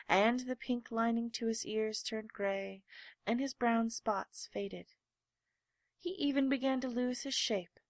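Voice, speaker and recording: A woman reading a children's storybook aloud, with gentle, measured storytelling. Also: on the high side, no echo. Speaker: narrator.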